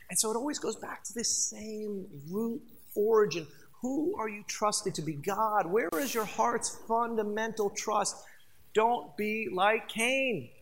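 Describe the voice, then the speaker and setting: A pastor with a mid-range, slightly bright voice preaches emphatically yet conversationally. He speaks directly to the congregation and repeats phrases for stress.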